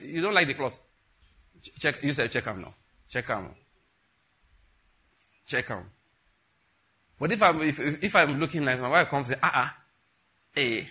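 There's a breathy edge to this pastor's slightly high voice as he delivers a sermon. He brings his stories to life with animation and plays the voices of the people he mentions.

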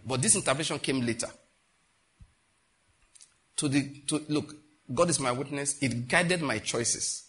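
Animated Nigerian man preaching a sermon. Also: medium pitch. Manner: animated storytelling, acts out dialogue with sudden loud outbursts. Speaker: pastor.

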